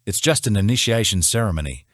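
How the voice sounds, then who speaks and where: A man's voice: fairly low pitch, animated, fast, no echo. A man reading a laid-back young man of few words who speaks with a dry drawl.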